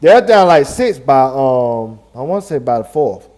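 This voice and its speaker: A man's voice: mid-range voice, big pitch swings, unhurried, dark tone. A man co-hosting a live sports talk stream, laid-back, with short agreements. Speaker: sports talk show co-host.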